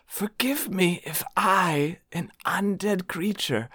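A woman voicing a timid undead talking rock in whispered role-play, hushed and wary. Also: lowish voice, slow, husky, dry recording, studio quality, pitched above the performer's own voice, full character voice.

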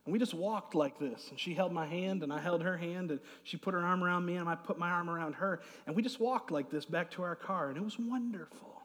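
A middle-aged man preaching a sermon as pastor, swinging from loud emphasis to soft asides. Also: high voice, a little fast, few pauses. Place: church hall. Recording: long hall reverb.

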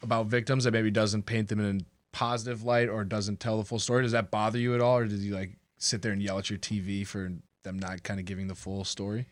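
Fast, flat-voiced male co-host. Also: fairly low pitch, no echo. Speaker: podcast co-host. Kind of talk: casual interview questions.

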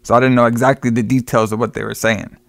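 An animated man walks through a movie's plot in casual podcast chat, slipping into little voices for the characters. He has a mid-range voice, recorded dry and close with no room sound. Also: mid-range voice, fast, vocal fry, no room sound. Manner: animated retelling, acts out characters, says "brother" often. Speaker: podcast co-host.

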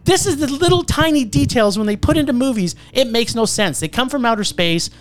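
Lively ranting film reviewer. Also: mid-range voice, brisk. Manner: ranting, animated, swears, talks over others. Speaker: movie reviewer. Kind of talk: casual movie review chat.

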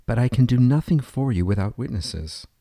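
A man voicing a kindly elderly judge who speaks in a gentle, fatherly way. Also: medium pitch, expressive, moderate pace, no echo, studio quality.

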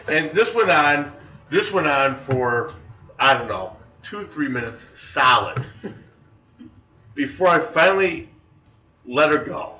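A man in his forties hosting a podcast, telling stories in a casual, animated way and laughing along, recorded in a roomy space from a distant mic. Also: medium pitch, normal speed. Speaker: podcast host. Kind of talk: casual storytelling.

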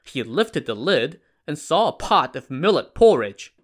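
A man narrating a retelling of a classic novel in a measured way, with wry asides. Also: a little high, big pitch swings. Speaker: storyteller.

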